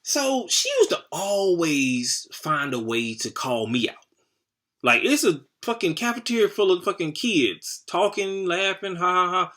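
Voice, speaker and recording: A man's voice: high voice, unhurried. A man in his forties telling a comic story from his childhood, rambling and heavy on the swearing. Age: 40s. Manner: profane, rambling, animated.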